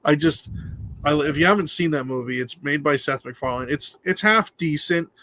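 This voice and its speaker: A man with a somewhat high voice chats on a live stream as a guest actor. He tells anecdotes with animated quoted lines along the way. He sounds relaxed and conversational. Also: gravelly, slight background noise. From Pennsylvania. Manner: chatty storyteller, quick impressions of quotes. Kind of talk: casual live-stream chat.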